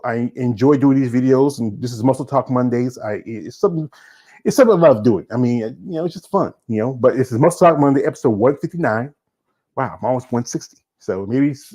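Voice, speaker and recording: Southern American man, casual host, quick and rambling delivery, mid-pitched voice. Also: darkish tone. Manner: fast talking with many fillers and restarts. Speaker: show host. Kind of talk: casual solo show wrap-up.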